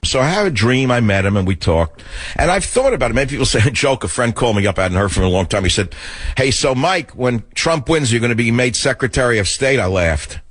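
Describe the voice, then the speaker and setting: Older New man, low voice, rambling sarcastic radio monologue. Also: no echo. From the Bronx, New York. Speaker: talk radio host.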